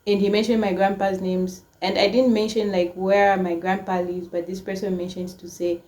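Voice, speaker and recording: A storytime vlogger in her twenties speaks to camera at a normal speed in a medium-pitched voice. She tells a personal story casually and emotionally, quoting people animatedly and saying "like" constantly.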